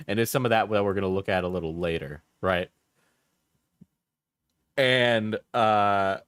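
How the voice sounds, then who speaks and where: A man's voice: mid-range voice, no room sound. Casual man streamer, dry close mic. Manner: reads aloud with offhand asides and laughs. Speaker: streamer reading and reacting. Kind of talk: casual live-stream commentary.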